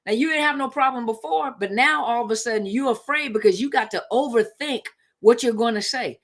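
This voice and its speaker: A woman's voice: fairly high pitch, brisk. A woman hosting a casual live stream, speaking in a conversational, emphatic way and repeating her points to drive them home. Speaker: live-stream host on relationships.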